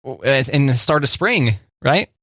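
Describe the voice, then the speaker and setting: Male radio co-host, medium pitch, teasing and quick with replies, dry studio mic. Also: animated, fairly bright tone, no room sound. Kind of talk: morning radio show chat.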